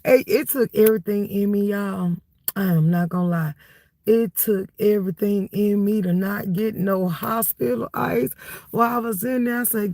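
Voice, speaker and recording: A woman's voice: medium pitch, normal speed, gravelly, no echo. A woman hosting a livestream, chatting casually and laughing as she gossips, tired and cold. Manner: animated, laughing gossip with frequent "baby" and "y'all". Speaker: livestream host.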